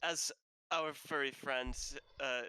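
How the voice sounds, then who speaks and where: A man playing a pompous self-proclaimed famous detective who flatters halting and hesitantly. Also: medium pitch, smooth, no echo, low-quality recording. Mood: pompous flattering.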